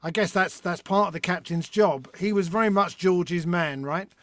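A man's voice: high-pitched, normal speed, fairly bright tone, dry recording. A man hosting an interview, asking questions with hesitant openings. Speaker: podcast host. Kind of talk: casual interview talk.

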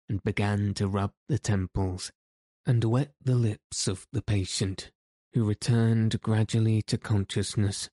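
Slow, low-voiced male narrator. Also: no echo, clean studio sound. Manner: measured, even storytelling. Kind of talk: audiobook narration.

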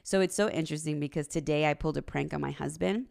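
A woman in her thirties hosts a casual relationship livestream, with a low voice and a gravelly, creaky edge. She talks earnestly about faith and values, tosses in "right?" and "like", and laughs easily as she tells stories. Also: fast talker. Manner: earnest, faith-based, uses "right?" and "like" often; animated storyteller, laughs easily. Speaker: relationship coach and host. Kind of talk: casual livestream talk, reading viewer comments.

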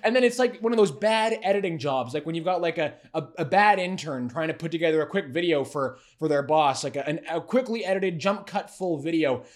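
High-voiced man with sarcastic commentary. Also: a little fast, hardly any pauses. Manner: sarcastic, mocking, animated. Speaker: co-host of a political commentary show. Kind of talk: casual political commentary.

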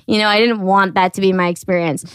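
A woman hosts a podcast and tells a story in casual chat, with a mid-range voice. She is animated, laughs often and swears freely. The sound is dry and close, with no room echo. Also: medium pitch, fast, smooth. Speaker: podcast host.

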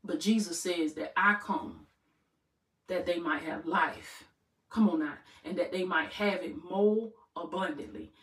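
Brief: woman life coach, preacher-style motivational talk, bright tone, roomy distant sound. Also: on the low side, measured pace. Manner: preacherly, repetitive call-and-response. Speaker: life coach and channel host. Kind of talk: faith-based motivational talk. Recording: roomy room, distant mic.

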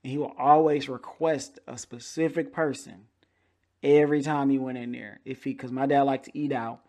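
A young adult man hosting a podcast, telling a casual story in an animated way and acting out the people he quotes. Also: medium pitch, moderate pace. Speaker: podcast host.

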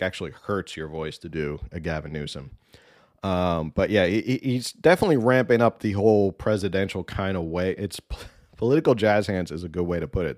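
A man's voice: fairly low pitch, a little mellow, dry recording, studio quality. A man giving casual political commentary, rambling and opinionated, with many ums and restarts.

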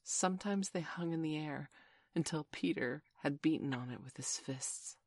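Brief: low-pitched woman, gentle storybook narrator, dry close sound. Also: moderate pace, no echo.

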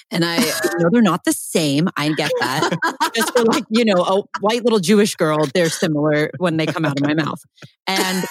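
A woman's voice: low voice, no room sound. A woman co-hosting a casual podcast, telling a story playfully and joking about herself. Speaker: podcast co-host.

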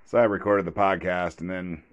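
A man's voice: low-pitched, fairly even intonation, moderate pace, no echo, dull audio. A man hosting a podcast, talking in a casual, rambling way with many fillers. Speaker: podcast host. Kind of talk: casual solo commentary.

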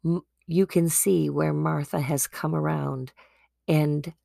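A woman hosting a devotional podcast tells a Bible story in an earnest, chatty way. Her voice is low-pitched and heavily gravelly, and she speaks slowly. The recording is close and dry. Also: fairly even intonation, warm tone, no room sound. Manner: earnest, conversational, with frequent restarts. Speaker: podcast host.

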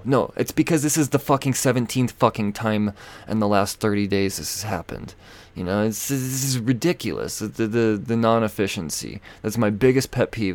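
A man on a podcast tells a story as a profane, exasperated rant. His voice sits on the low side and is recorded close and dry, with no room sound. The delivery stays casual and comic throughout. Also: no room sound. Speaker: podcast host.

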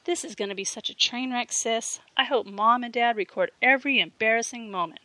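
Woman doing a bratty teen boy, whiny pleading, bright tone, dry sound, audiobook. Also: fairly high pitch, brisk, no echo, voice pushed up, rough recording. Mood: cocky teasing. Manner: teasing, then stammering pleas. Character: cocky teenage boy, whiny when cornered.

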